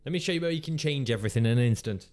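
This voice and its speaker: A man's voice: mid-range voice, lively intonation, rapid-fire, loud music behind the voice. A man hosting his own channel, chatting casually and rambling through jokes and playful swearing while reacting to videos. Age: adult parent of a teenager. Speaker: channel host.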